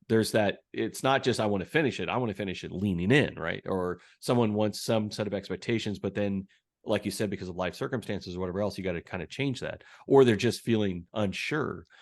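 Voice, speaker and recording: A man hosting a podcast, asking long, rambling questions full of restarts and asides. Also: lowish voice. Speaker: podcast host. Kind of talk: casual podcast conversation.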